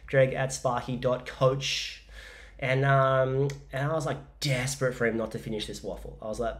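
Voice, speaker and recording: An Australian man talks through a relaxed podcast monologue, drifting between stories and business advice. His voice sits at an ordinary middle pitch, and he rambles with plenty of fillers and jokes. He sounds like a man in his forties chatting casually. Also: normal speed. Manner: rambling, jokey storytelling with many fillers. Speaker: podcast host and business coach.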